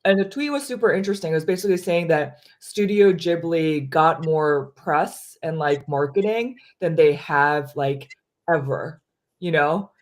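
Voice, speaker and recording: Woman host chatting casually over food. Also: deep voice. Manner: casual, fast-talking, peppered with "like".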